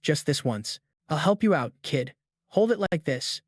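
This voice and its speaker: A man voicing a twenty-six-year-old male death row inmate who lectures flatly and without emotion. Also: on the high side, measured pace, no room sound, clean studio sound. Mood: cold, calm.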